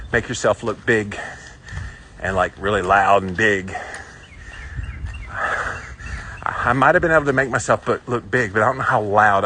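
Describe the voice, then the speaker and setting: A man's voice: mid-range voice, sharp tone, slight background noise. A man hosting a casual livestream while walking outdoors, chatting and reading out viewer comments. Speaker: livestream host. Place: outdoors on a walk.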